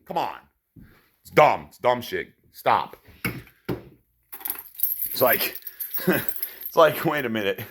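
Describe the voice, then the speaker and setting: A man's voice: medium pitch, very animated, takes it slowly, pauses often, a bit bright, slight background noise. A man delivering a profane, sarcastic ranting monologue to his viewers. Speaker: vlogger.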